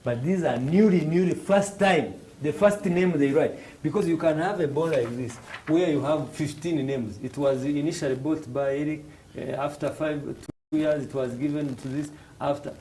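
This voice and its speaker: Man, rwandan english accent, higher voice, mellow tone, lively teaching, acts out dialogues, light background noise. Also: moderate pace, hardly any pauses, poor audio. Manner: animated, acts out dialogues in raised voices, hesitant restarts. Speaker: financial literacy instructor. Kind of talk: classroom explanation with acted examples.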